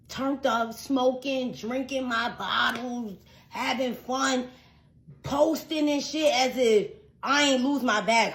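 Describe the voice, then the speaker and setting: A young woman with a high, light voice tells a messy personal story in a casual rant. She is animated and exasperated, and she swears freely as she vents to her listeners. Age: young adult.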